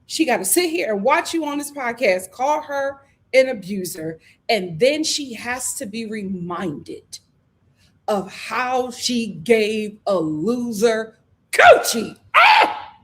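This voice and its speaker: A high-voiced woman with riffs on reality TV gossip. Her delivery is sassy and animated, jumping from loud outbursts to quiet, drawn-out asides. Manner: animated, sassy, swinging between shouts and low asides. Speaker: commentary channel host. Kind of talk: casual reality-show commentary.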